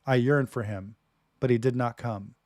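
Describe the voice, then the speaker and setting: A man reads scripture aloud at home, leaning hard into the verses and stopping now and then for joking asides. His voice sits at an ordinary middle pitch. The recording is dry, with no room echo. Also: steady tone, normal speed. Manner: loud, emphatic reading with joking asides. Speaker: Bible reading host. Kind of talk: Bible reading with casual commentary.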